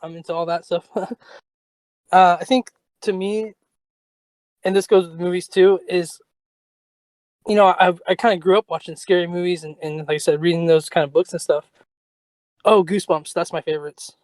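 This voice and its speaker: A man's voice: high voice, steady tone, moderate pace, long pauses, a little mellow, dry recording. A man calling in to a podcast, talking casually and hesitantly with fillers and light laughs. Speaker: caller. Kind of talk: casual chat on a call-in show.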